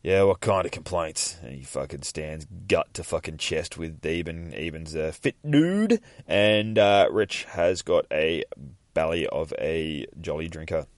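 Deep-voiced man swearing through a comic recap. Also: unhurried, no echo, clean studio sound. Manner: profane, rambling, jokey. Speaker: podcast host. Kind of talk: casual comic book retelling.

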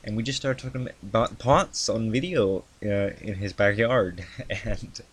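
A man's voice: lowish voice, unhurried, breathy edge. A young man casually recounting the story of his video channel, rambling with many ums and restarts. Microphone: handheld mic he adjusts.

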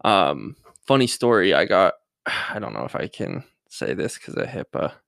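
A man's voice: low voice, very animated, normal speed, gravelly, a bit bright, no room sound. A young man hosting a casual solo podcast, rambling and hesitant with lots of fillers and self-mocking jokes, a little nervous. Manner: self-mocking jokey asides. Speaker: podcast host.

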